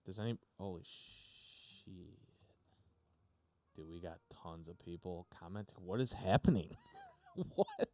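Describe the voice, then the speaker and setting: Deep-voiced man rambling on a live stream. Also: takes it slowly, warm tone. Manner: rambling, heavy on fillers, swears casually. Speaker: podcast host streaming live. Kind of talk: unscripted casual live stream chat. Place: home streaming studio. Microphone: desk mic through a mixer.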